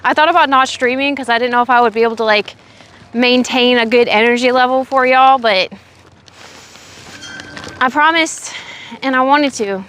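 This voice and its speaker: A young woman from Oregon chatting with her live chat while out in a windy park. She says she is sick and low on energy, but she keeps talking with a sassy edge. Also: moderate pace, long pauses, fairly bright tone. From Oregon, USA. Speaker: livestreamer. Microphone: phone on a selfie stick.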